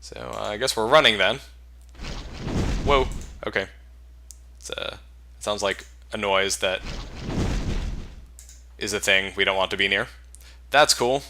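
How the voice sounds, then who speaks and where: A man's voice: on the low side, a little slow, vocal fry, pauses often, background noise. Wry man playing a game. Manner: wry, deadpan asides. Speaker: game let's-play host. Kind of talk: casual commentary while playing.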